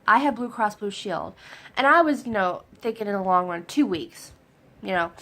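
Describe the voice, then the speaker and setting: Excited chatty woman vlogging. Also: medium pitch, normal speed. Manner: excited, chatty, lots of fillers. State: getting over a cold. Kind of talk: casual personal update.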